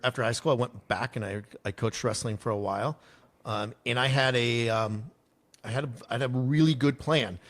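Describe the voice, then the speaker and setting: Lively storytelling man in his forties. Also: on the low side, creaky. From United States (Arizona). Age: 40s. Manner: lively storyteller, acts out quoted people, many fillers. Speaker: podcast guest. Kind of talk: casual storytelling interview.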